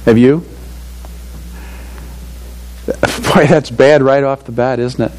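A man's voice: medium pitch, steady tone, slow pace, a little mellow, low-quality recording. An older man preaching a sermon to fathers in a conversational, earnest way, often saying "you know" and chuckling at his own stories. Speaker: pastor.

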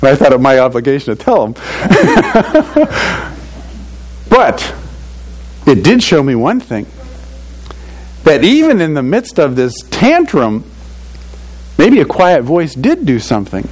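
A man's voice: a little high, huge pitch swings, slow, pauses often, low-quality recording. An older man preaching a sermon to fathers in a conversational, earnest way, often saying "you know" and chuckling at his own stories. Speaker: pastor.

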